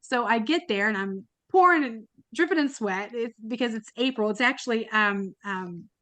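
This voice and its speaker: A woman's voice: fairly high pitch, normal speed, fairly bright tone, no room sound. A woman guest on a podcast, telling a personal story in a chatty, emotional way with many fillers and restarts. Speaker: podcast guest, kidney donor. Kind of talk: casual storytelling.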